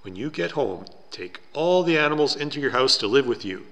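A man voicing a calm, wise minister who gives measured advice. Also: mid-range voice, long reverb tail, muffled recording, pitched above the performer's own voice.

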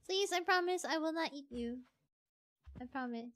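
A woman streamer giving casual gameplay commentary, excitable and pleading as she coaxes a pet. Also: high-pitched, normal speed.

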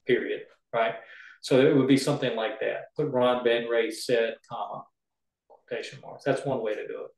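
Male writing coach, mid pitch, chatty and example-driven, roomy echo. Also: steady tone, normal speed, darkish tone. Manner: chatty, explains with homey examples. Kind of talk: casual teaching chat.

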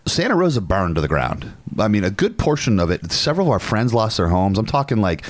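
A young adult man from Northern California co-hosting a podcast, telling a story in an animated, casual way and swearing freely. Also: lowish voice, a little fast, no room sound. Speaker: podcast co-host. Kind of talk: casual chat.

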